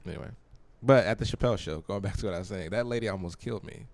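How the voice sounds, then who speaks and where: A rambling male podcast host with a lower-pitched voice, joking around and cursing freely in casual conversation. He talks loosely and keeps his stories going between laughs. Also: very fast, a little mellow, no room sound. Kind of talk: casual chat.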